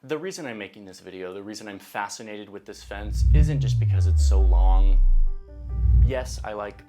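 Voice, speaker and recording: A man's voice: fairly low pitch, lively intonation, normal speed, dark tone. Wry man narrating over music. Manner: chatty and wry, with asides. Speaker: video narrator. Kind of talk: casual narrated explainer video.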